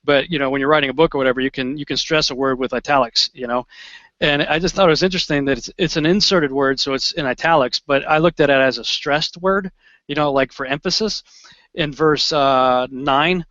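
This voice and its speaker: A man co-hosting a Bible study show, chatting in a relaxed way and reading verses aloud. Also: fairly high pitch, brisk, no echo. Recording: dull lo-fi dry recording.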